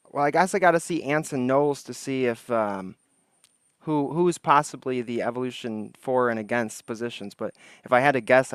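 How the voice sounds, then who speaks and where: A man's voice: medium pitch, no echo, clean studio sound. A man hosting a casual livestream outdoors, chatting with viewers and thinking aloud. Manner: rambling, greets chat, thinks aloud. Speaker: livestream host. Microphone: desk microphone.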